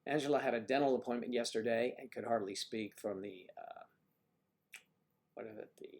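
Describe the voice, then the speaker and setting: A man hosting a relaxed livestream in a middle-pitched voice. He chats in a playful, rambling way and greets his viewers by name. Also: normal speed. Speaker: livestream host. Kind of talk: casual livestream chat.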